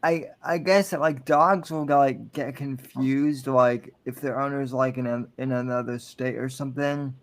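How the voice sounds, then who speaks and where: A man chatting casually on a podcast, halting and repeating words as he talks. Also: mid-range voice, fairly even intonation.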